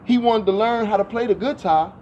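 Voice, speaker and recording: Podcast co-host, male, high-ish voice, heated and profane storyteller, noisy background. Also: a little fast, a little mellow, muffled recording. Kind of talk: casual storytelling chat.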